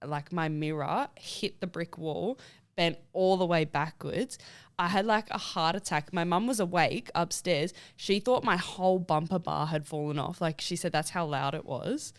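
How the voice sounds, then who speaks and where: A woman's voice: on the low side, normal speed, clear, resonant tone. A young woman, co-hosting a podcast and chatting casually, laughing often and saying "like" a lot. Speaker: podcast co-host. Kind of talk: casual chat. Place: podcast studio.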